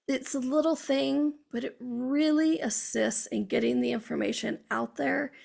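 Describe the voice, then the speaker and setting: A woman's voice: high voice, fairly even intonation, measured pace, creaky, a little mellow. A middle-aged woman hosting a spiritual talk show, telling chatty stories and acting out her own inner dialogue. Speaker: show host.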